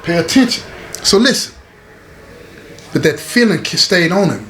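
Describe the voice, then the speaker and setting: A man's voice: sits high, lively intonation, normal speed, fairly bright tone. A man telling a story casually and emphatically, repeating lines and speaking straight to his listeners. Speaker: storyteller host. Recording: roomy echo, faint background hiss.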